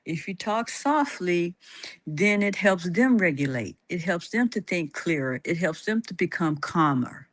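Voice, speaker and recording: Slow, calm woman hosting, dry sound. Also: fairly low pitch, dry recording. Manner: calm, halting, many fillers and restarts; laughs often. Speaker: host. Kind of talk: casual chat about teaching.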